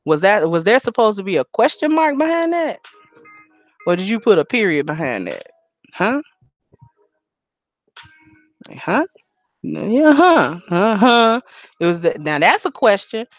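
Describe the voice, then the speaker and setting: A woman's voice: medium pitch, big pitch swings, normal speed, pauses often. A woman hosting a live stream, talking bluntly and profanely in a preachy, casual way. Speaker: livestream host.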